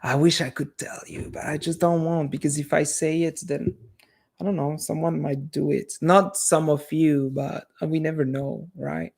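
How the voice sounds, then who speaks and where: Gravelly-voiced man with a French accent. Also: a little high, flat delivery, normal speed, darkish tone. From half Italian. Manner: rambling, chatty, restarts often. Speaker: live streamer. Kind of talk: casual live-stream chat with viewers.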